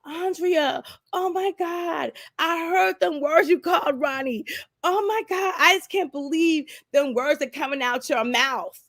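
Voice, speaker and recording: Woman playing a scandalized older church-lady mother-in-law, pitched up, dry and close. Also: fairly even intonation, a little slow, hardly any pauses, no echo. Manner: exclaiming, scandalized.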